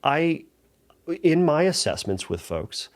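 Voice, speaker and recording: A man's voice: on the high side, very animated, slow. A middle-aged man, a therapist hosting a podcast, giving earnest, reassuring advice and thinking aloud with small restarts. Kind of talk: solo podcast advice talk.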